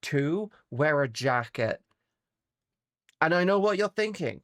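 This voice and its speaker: A woman streamer chatting casually with her viewers from home, rambling, animated and sweary. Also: extremely low pitch, takes it slowly, pauses often, no room sound, studio quality. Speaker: VTuber streamer. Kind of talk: casual chat with live chat viewers.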